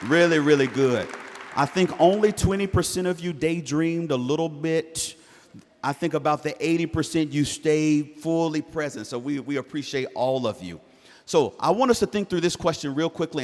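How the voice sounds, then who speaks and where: A man speaking to incoming students' parents at a university event, animated and joking, asking the crowd to answer back. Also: mid-range voice. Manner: animated, jokey, calls for audience response. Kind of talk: live presentation to parents. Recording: hall reverb.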